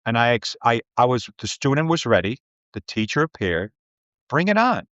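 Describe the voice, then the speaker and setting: A man's voice: mid-range voice, fairly quick, no room sound, muffled recording. A man, a business coach, telling stories in a podcast interview and acting out the people he quotes. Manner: lively storyteller who acts out quoted people.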